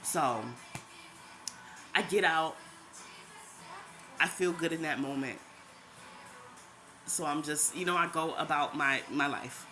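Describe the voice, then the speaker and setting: A woman with a fairly low voice tells her faith testimony in a loose, chatty way. She circles back and repeats herself, and laughs now and then. Music plays clearly behind her. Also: slow, long pauses, pushed and bright, rough recording. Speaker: vlogger sharing a faith testimony. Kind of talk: casual personal storytelling. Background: background music.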